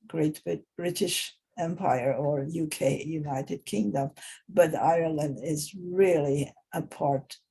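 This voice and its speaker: Slow, gravelly woman teaching English. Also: deep voice, warm tone. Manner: halting, with many pauses and restarts. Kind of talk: informal spoken lesson.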